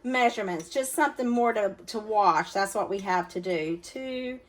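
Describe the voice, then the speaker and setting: Talking straight to her viewers, a cooking channel host gives a chatty, folksy demonstration in her own kitchen. She has a medium-pitched voice and a moderate pace, with dishes and utensils clattering around her.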